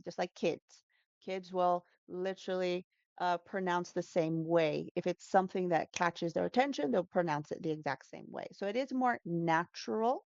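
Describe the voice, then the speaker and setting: A woman's voice: lowish voice, gravelly, dry recording, lo-fi sound. A woman who teaches English, talking through pronunciation tips in a casual interview, explaining patiently and demonstrating sounds with frequent fillers.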